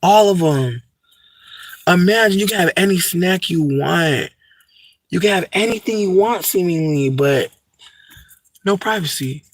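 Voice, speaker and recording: A man's voice: high voice, expressive, unhurried, long pauses, no echo. A young man, rambling in a profane, campy, unscripted vlog monologue full of asides. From United States. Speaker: vlogger.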